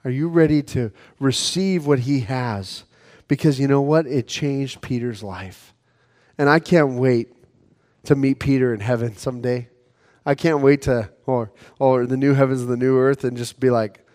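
A man preaching an evening sermon in a casual storytelling way, acting out quotes and dropping from lively to hushed. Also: medium pitch, normal speed, big-room sound. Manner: swings from lively to soft and hushed.

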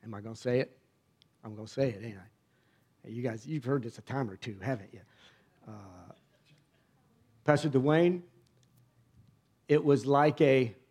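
A middle-aged man, a pastor, preaching a personal testimony in a conversational storytelling way, dropping to a hush and then rising to emphatic bursts. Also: medium pitch. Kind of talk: sermon testimony.

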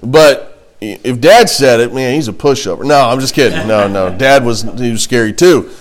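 Male Bible teacher, mid pitch, chatty classroom delivery with asides. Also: normal speed, slight background noise. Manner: conversational, reads scripture aloud with asides and jokes.

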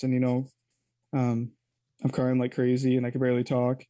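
A man's voice: medium pitch, completely flat delivery, brisk, dark tone, no echo. A man telling a personal story as an interview guest, candid and rambling, often correcting himself mid-sentence.

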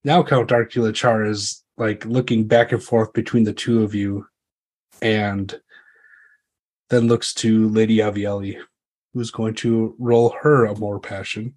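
A man's voice: on the low side, little pitch movement, a little slow, a little mellow. A man running a tabletop role-playing game, narrating casually with many fillers. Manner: rambling, full of fillers. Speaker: game master.

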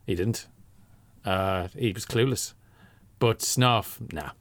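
A man's voice: lowish voice, takes it slowly, dry recording. A man co-hosting a podcast, chatting in an enthusiastic, sweary way. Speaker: podcast co-host. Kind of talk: casual chat.

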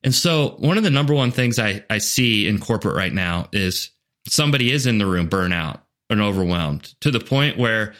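A man's voice: lowish voice, lively intonation, moderate pace, fairly bright tone. A man speaking as a guest on a podcast interview. He is a leadership coach and talks earnestly and animatedly, with frequent "like" fillers and restarts.

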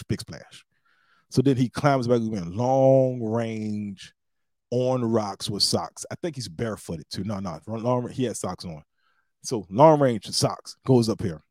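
A man hosting a podcast, telling a story in a casual, animated way and acting out what others said with big jumps in his voice. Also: no room sound, clean studio sound. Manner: animated, acts out quotes with big pitch jumps. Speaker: podcast host.

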